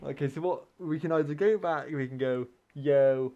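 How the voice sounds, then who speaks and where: A man from the UK casually telling a long story, swearing often, laughing mid-sentence and acting out shouted quotes. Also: fairly high pitch, brisk, dull audio. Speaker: gaming podcast co-host telling a story.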